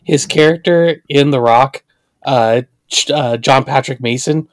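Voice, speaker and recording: A man's voice: mid-range voice, a little slow, dry recording. A man co-hosting a podcast, chatting casually and making playful jokes. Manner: joking, playful asides. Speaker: podcast co-host. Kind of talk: casual chat.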